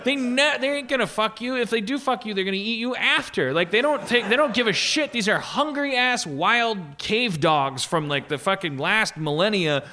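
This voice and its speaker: Male podcast host, bright tone, rambling comic storyteller. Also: high-pitched, lively intonation, normal speed, hardly any pauses. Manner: rambling, restarts a lot, swears freely, acts out voices. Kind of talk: casual comedic storytelling. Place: podcast stage with live audience.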